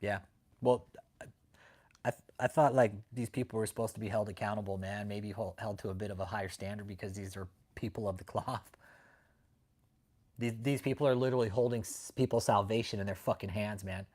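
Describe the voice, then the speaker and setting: A man's voice: on the low side, steady tone, brisk, a little mellow. Blunt, profane man hosting a livestream. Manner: profane, blunt and sarcastic, greets chat viewers. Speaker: livestream host. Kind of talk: casual livestream commentary.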